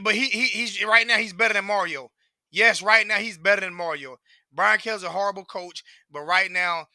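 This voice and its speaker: A man's voice: high voice, pushed and bright, no echo, clean studio sound. A man, ranting profanely and repetitively as a sports fan commentator. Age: 40s.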